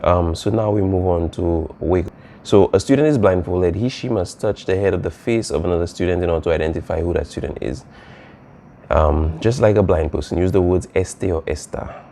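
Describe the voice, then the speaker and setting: A man's voice: deep voice, fairly quick, warm tone, slight background noise. A man teaching a Spanish lesson, explaining casually with frequent fillers and "all right?" checks. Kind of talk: recorded classroom lesson.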